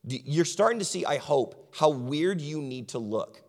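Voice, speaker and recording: A man delivers a sermon with a voice on the higher side for a man. He hammers points through repeated lists and then drops low and quiet to stress a line. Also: lively intonation, brisk, hardly any pauses, big-room sound. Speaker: pastor.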